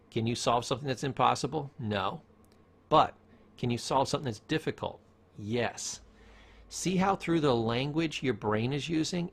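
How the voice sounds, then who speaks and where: Middle-aged male lecturer, mid-pitched, conversational and emphatic, casual teaching delivery. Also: gravelly, a bit bright. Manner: conversational, emphatic, acts out quotes. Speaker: former therapist teaching a self-help course.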